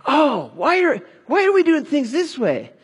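A man's voice: very high voice, huge pitch swings, measured pace, big-room sound, pitched above the performer's own voice, exaggerated voice. A man putting on the voice of an outraged armchair critic, whining and ranting.

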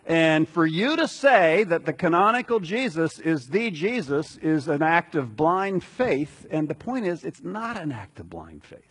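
Male pastor, conversational sermon, slightly high husky voice. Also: a little slow, hardly any pauses. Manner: relaxed, chatty preaching with asides.

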